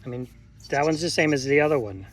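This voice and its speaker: A man's voice: a little high, animated, quick pace, soft background music. A man on a farm talking to his goats in a doting, teasing sing-song, coaxing them through a gate out in the pasture. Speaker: farmer and vlog host. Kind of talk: casual vlog talk to animals.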